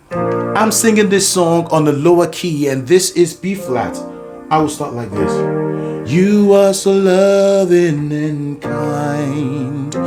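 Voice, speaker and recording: A man teaching a singing lesson as host, explaining with animated asides. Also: mid-range voice. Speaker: vocal coach. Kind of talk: singing lesson with sung demonstrations.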